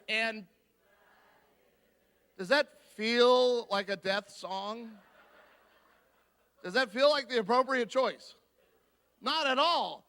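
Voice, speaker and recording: A man giving a guest sermon, telling a personal story in an animated way and acting out the voices of the people in it. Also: very high voice, takes it slowly, pauses often, smooth. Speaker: guest speaker. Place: church.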